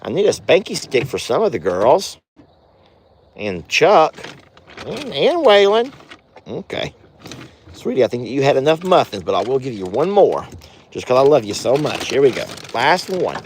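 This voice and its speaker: A man's voice: medium pitch, sing-song, normal speed, slightly rough. A man, a ranch owner vlogging outdoors from a side-by-side and sweet-talking his animals. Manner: doting, talks baby talk to animals. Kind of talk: casual vlog narration.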